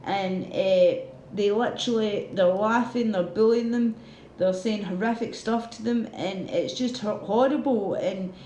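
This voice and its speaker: A woman's voice: medium pitch, a little slow, warm tone, roomy sound, slight background noise. A woman hosting a casual livestream, ranting heatedly with a lot of swearing and reading out viewer comments. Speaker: livestream host.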